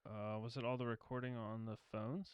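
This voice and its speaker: A man's voice: medium pitch, little pitch movement, brisk, clean tone, no room sound, muffled recording. A man co-hosting a casual movie-breakdown podcast, asking wry questions and giving car-savvy commentary. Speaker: podcast co-host.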